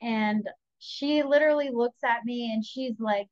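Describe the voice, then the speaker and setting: Podcast guest: young woman, lively storyteller, slightly dull lo-fi audio. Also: fairly high pitch, unhurried, dry recording. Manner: chatty, animated, quotes herself and others. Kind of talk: candid personal storytelling.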